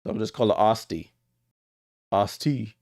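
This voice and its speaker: A man's voice: mid-range voice, moderate pace, smooth, dry recording, studio quality. A man hosting a live watchalong stream, chatting with viewers and calling plays as they happen. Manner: chatty, talks straight to viewers, gets louder on big plays. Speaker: livestream watchalong host. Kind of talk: casual live game commentary.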